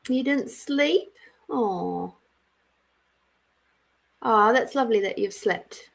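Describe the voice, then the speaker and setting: A middle-aged Australian woman hosts a casual live-stream card reading as an intuitive reader, chatty and giggly, greeting viewers by name. She speaks slowly in a fairly high, gravelly voice with lively intonation.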